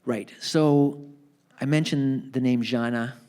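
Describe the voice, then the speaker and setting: A man telling a family story in a live onstage book talk, acting out the people in it with lively voices. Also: mid-range voice, takes it slowly, clean tone. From Canada. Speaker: author being interviewed. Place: theatre stage.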